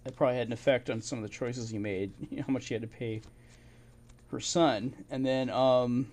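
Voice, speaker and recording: This is a man reading through old documents and commenting as he goes. He thinks aloud, restarts his sentences often and breaks into small chuckles. His voice sits at an ordinary mid pitch for a man. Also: fairly even intonation, a little fast, darkish tone. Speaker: channel host.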